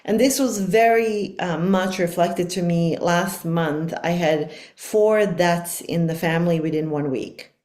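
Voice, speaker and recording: A woman's voice: on the low side, unhurried, hardly any pauses, darkish tone, echoey room. A middle-aged woman speaking as a life coach guest on a podcast, talking in an earnest, reflective and emphatic way. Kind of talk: podcast conversation.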